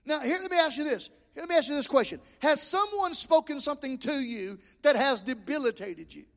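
Male preacher, very high pitch, fervent delivery with stammered restarts, recorded in an echoey sanctuary. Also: animated, fairly quick, fairly bright tone. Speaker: pastor. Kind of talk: sermon. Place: church sanctuary. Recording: long echoing reverb of a church hall.

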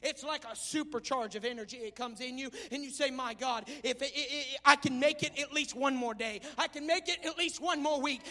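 A male pastor preaches in a strikingly high, bright voice. He drops to a hushed tone for Scripture, then builds to shouted exhortation. His voice rings through a church with a long, hanging reverb. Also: fairly quick, hardly any pauses. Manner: swings from quiet reading to shouted preaching. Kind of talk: sermon. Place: church sanctuary.

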